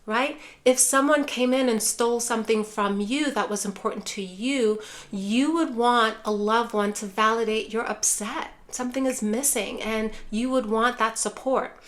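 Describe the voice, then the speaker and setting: A woman's voice: on the high side, moderate pace. A woman teaching caregivers how to talk with loved ones who have dementia, speaking in a reassuring way and often calling her viewers care partners. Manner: acts out caregiver phrases softly. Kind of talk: direct-to-camera teaching.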